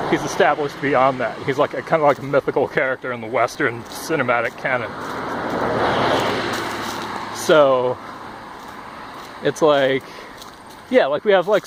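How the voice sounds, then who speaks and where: A man's voice: on the high side, normal speed, long pauses. A young man vlogging outdoors, rambling and out of breath, with lots of fillers and swearing. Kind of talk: rambling casual monologue. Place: outdoors by a busy road. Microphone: headphone cord mic. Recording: faint traffic noise outdoors. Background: passing cars.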